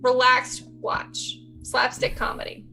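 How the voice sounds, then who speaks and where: A woman's voice: sits high, monotone, slow pace, creaky, pushed and bright, soft background music. A woman on a panel, chatting casually and a bit hurriedly about her picks, with a laugh in her talk. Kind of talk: casual chat.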